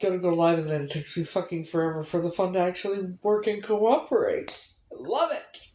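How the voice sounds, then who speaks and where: A woman's voice: lowish voice, steady tone, a little fast, warm tone, a little hiss or hum. A woman chatting casually on a phone livestream, sarcastic and swearing a lot as she greets viewers. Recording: roomy echo.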